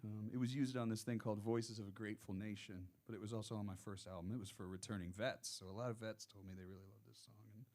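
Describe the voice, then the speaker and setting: A middle-aged man with a Texan accent, a singer-songwriter chatting casually between songs in a relaxed storytelling way. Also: lowish voice, fast, hardly any pauses. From Texas. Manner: relaxed storytelling, drawls into quoted voices. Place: small music workshop venue, live session.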